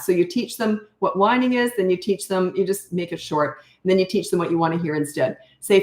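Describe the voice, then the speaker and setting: A woman's voice: mid-range voice, lively intonation, brisk, darkish tone, roomy sound. An older woman and parenting coach answering viewer questions in a frank, blunt, self-mocking way.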